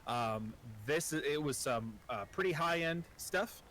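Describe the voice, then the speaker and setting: A man's voice: fairly high pitch, lively intonation, slow pace, fairly bright tone, slight background noise. A man narrating as game master in a casual, profane, self-deprecating way.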